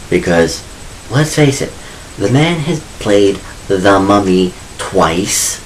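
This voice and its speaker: A man's voice: fairly low pitch, expressive, slow, slight background noise, low-quality recording. A man casually talking about his own book in a vlog, chatty and opinionated with wry asides. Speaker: author vlogger.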